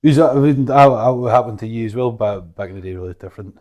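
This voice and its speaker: A man's voice: medium pitch, steady tone, fast, a little mellow. A man hosting a podcast, easygoing in casual chat, who trails off mid-sentence. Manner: easygoing, short backchannels, trails off. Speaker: podcast host.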